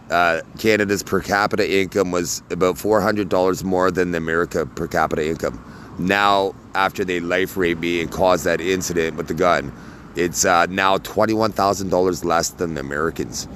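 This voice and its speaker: A man talking casually to camera in a rambling, halting monologue full of fillers and tag questions. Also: sits low, a bit bright, slight background noise. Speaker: vlogger.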